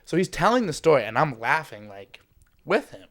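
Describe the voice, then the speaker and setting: A young adult man, a podcast guest in casual chat, telling animated stories and filling his sentences with "like". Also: on the high side, moderate pace. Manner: animated storyteller, heavy use of "like".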